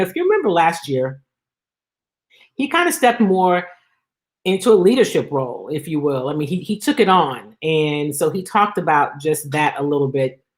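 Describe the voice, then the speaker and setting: A woman hosts a sports talk show, reading listener comments and answering them in a casual style. Her commentary is emphatic and exasperated, with animated jumps in pitch.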